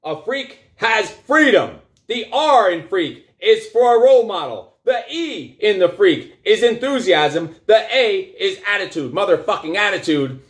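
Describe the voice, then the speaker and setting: A man's voice: high voice, very animated, measured pace, hardly any pauses. Fired-up man ranting profanely. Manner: loud, emphatic, swears constantly, repeats phrases for punch. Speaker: coach and show host. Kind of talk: profane motivational rant.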